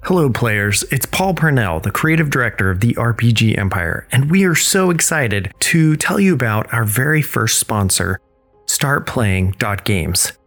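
A man's voice: medium pitch, lively intonation, a little slow, fairly bright tone, faint music behind. Enthusiastic man reading an ad. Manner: enthusiastic, promotional. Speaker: game master and creative director. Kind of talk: podcast ad read and intro narration.

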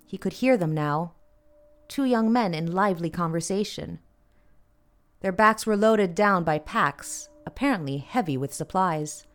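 A woman reads a dark tale aloud in a measured, even audiobook narration. Her voice sits a little low.

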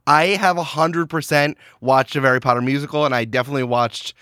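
A man guesting on a podcast, chatting casually in a jokey, animated way and laughing often. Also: mid-range voice, fast talker, no echo, studio quality.

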